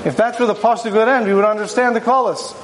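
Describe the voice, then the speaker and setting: High-voiced man giving a lecture. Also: fairly even intonation, fast talker, background noise. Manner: storytelling, poses rhetorical questions. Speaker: rabbi teaching a Torah class. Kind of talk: conversational religious lecture.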